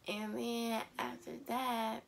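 A woman's voice: a little high, little pitch movement, slow, gravelly, slight background noise. A teenage girl from Atlanta talking casually to her camera, emotional and close to tears, often dropping to a half-whisper. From Atlanta, USA. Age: teens. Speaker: vlogger. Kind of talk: casual vlog talk to camera.

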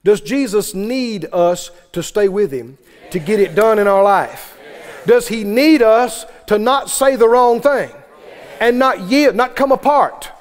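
A man's voice: high voice, expressive, measured pace, in a large hall. A man preaching a sermon to a congregation, with fervent, repetitive exhortation.

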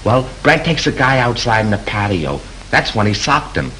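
A man's voice: mid-range voice, sing-song, normal speed, a bit bright, slight background noise, poor audio. An actor playing a chatty, slangy male hotel bellhop recounting a fight in a 1930s film. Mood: gossipy. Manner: slangy, gossipy storytelling. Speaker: night bellhop.

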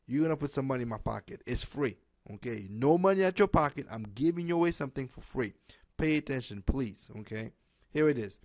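A man giving a webinar pitch to friends and followers, pleading and repetitive, ending almost every phrase with "okay?", in slightly broken phrasing. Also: expressive, brisk, a little mellow, no room sound, studio quality. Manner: non-native phrasing with dropped words. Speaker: network marketer addressing his team. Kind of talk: direct-to-camera webinar pitch.

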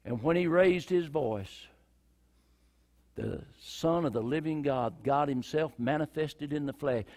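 A man preaching with passion in a church, his voice high and soaring at times, then dropping to a hush. The sound carries a long reverb from the sanctuary around him. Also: unhurried. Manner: impassioned preaching that swings from shouts to near whispers. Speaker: pastor. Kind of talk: sermon.

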